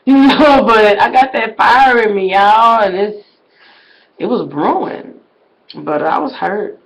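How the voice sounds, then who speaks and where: A woman talks straight to her viewers in a loose, casual vlog. Her delivery swings widely, sinking to near-whispered asides and then leaping up into loud, shouted exclamations. She keeps calling out to her audience as "y'all". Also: medium pitch, slow, low-quality recording. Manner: conversational, addresses viewers as "y'all". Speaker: vlogger.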